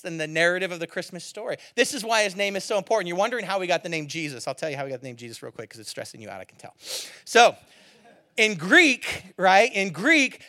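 A man's voice: high-pitched, pushed and bright, dry recording, clean studio sound. A man preaching a sermon as a pastor, casual and joking in a conversational way.

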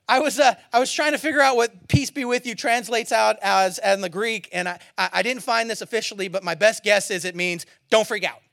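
A pastor giving a sermon as an animated, colloquial storyteller who laughs often. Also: mid-range voice, fairly quick, gravelly, hardly any pauses.

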